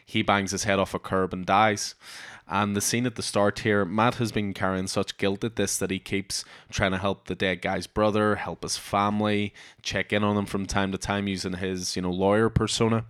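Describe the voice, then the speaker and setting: A man hosts a casual comics chat and eagerly walks through the story beats. His voice is low and smooth, and it is recorded dry and close. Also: flat delivery, moderate pace, hardly any pauses, a bit bright, no echo. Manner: enthusiastic, summarizes scenes in detail. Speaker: podcast host.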